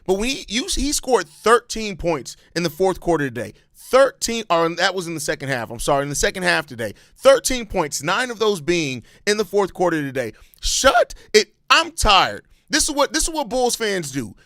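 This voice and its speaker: Man, sports reaction host, high voice, blunt and profane, dry close mic. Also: sing-song, a little fast, few pauses, no room sound. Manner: blunt and profane, swings into loud rants. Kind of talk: live postgame reaction.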